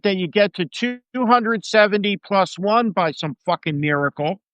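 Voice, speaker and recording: A man's voice: a little high, smooth, no echo, dull audio. A man in casual political talk, emphatic and rambling, with many fillers and restarts. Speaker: political commentator.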